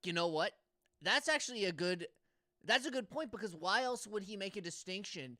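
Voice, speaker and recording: A man's voice: high-pitched, lively intonation, moderate pace, bright, forceful tone, no echo, studio quality. A young man co-hosting a casual comedy podcast, rambling and stammering through restarts. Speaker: podcast co-host.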